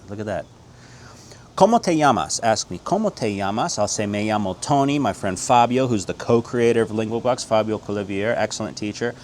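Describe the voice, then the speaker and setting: A middle-aged American man giving an upbeat, casual Spanish lesson. He moves quickly between English explanations and slow, drilled Spanish phrases. His voice sits low, with a faint hum of ambience behind him. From United States. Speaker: Spanish teacher.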